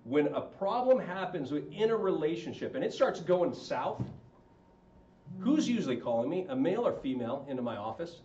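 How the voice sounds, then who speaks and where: Man, middle-aged, fairly high voice, joking talk to an audience, far from the mic, echoey room. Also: very animated, normal speed, warm tone. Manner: conversational, joking, asks the audience questions. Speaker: marriage counselor and wedding officiant. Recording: roomy, distant and dull with faint rumble.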